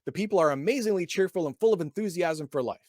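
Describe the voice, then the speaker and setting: A man with a somewhat high voice reads from a role-playing book, then breaks off into wry, sarcastic comments. He trips over his words and repeats himself as he goes. The sound is dry and close. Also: lively intonation, quick pace, darkish tone, dry recording. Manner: stumbles and repeats words often. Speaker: podcast host reviewing a game book. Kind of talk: casual chat reading and riffing on a book.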